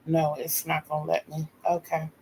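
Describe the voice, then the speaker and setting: A woman's voice: sits low, monotone, normal speed, mellow, a little hiss or hum, poor audio. An older woman in her sixties from North Carolina with a Southern accent, chatting casually and homey on her livestream as host.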